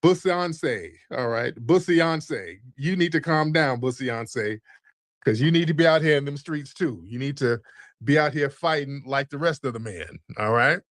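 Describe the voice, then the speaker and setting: A man's voice: a little high, normal speed, a bit bright, dry recording, studio quality. A man hosting a call-in show, mocking and insulting a caller with crude jokes. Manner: mocking, insulting, trash-talking. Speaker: host.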